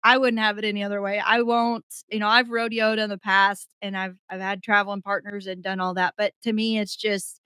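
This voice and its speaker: A young adult woman, a podcast guest, telling a story in animated casual chat and laughing as she goes. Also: mid-range voice, fairly quick, few pauses, smooth, no room sound.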